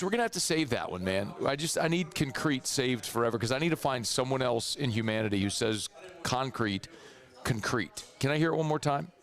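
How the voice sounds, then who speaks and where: A hoarse man with a Southern accent hosting a sports radio show, chatty and rambling. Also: mid-range voice. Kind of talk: casual sports radio talk. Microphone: studio microphone.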